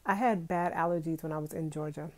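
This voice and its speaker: A woman's voice: deep voice, steady tone, quick pace, darkish tone. A woman in her thirties hosting a casual live stream from her bedroom, chatty and talking straight to her viewers. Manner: chatty, talks straight to viewers, laughs often. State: itchy nose from allergies. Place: bedroom at home.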